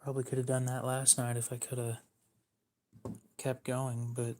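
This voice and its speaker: A man's voice: medium pitch, completely flat delivery, normal speed, darkish tone, a little hiss or hum. A young man hosting a livestream, giving dry, teasing replies to chat in casual talk. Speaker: livestream host.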